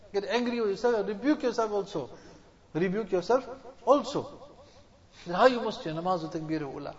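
A man preaching a sermon, exhorting his listeners and repeating phrases for emphasis. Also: sits high. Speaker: Islamic preacher. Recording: dull echoey hall recording.

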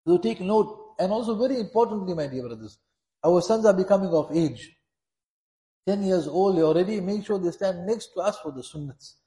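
A man's voice: high-pitched, animated, normal speed, warm tone. A man preaching a sermon, speaking earnestly and repeating his points to press them home. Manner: earnest, repetitive, exhorting. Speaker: Islamic preacher. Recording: echoey room.

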